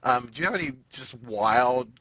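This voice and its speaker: A man's voice: medium pitch, lively intonation, moderate pace, bright, forceful tone, slight background noise. A man hosting a podcast, asking chatty, hesitant questions full of fillers. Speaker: podcast host. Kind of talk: casual interview. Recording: dull, muffled audio.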